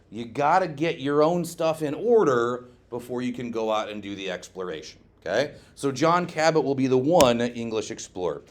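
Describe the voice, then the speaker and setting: Joking, quizzing male history teacher. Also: medium pitch. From Scotland. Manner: lively, joking, asks the class questions and adds "okay?" often. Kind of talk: classroom lecture. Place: classroom.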